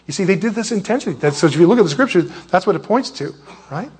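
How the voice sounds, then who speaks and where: A man's voice: sits high, lively intonation, racing, a little mellow, slightly rough. A male pastor giving a sermon in a rambling, conversational way, often losing his train of thought.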